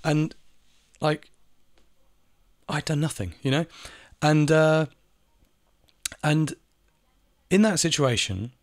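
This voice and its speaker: A man's voice: a little high, slow, pauses often, no room sound, studio quality. A man talking in a casual monologue, ranting, repeating phrases and swearing now and then. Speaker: video essayist. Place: home in Spain.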